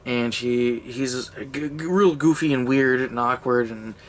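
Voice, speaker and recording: A man's voice: medium pitch, unhurried, a little hiss or hum. A young man giving a casual, rambling comedic movie review, sarcastic and sweary, laughing as he goes.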